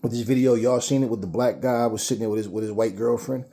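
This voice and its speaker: Man ranting to camera, cussing a lot, mellow warm tone, plain middle pitch. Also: fairly even intonation, fast. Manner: profane, blunt, repeats words when heated. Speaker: commentator. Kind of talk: angry rant to camera.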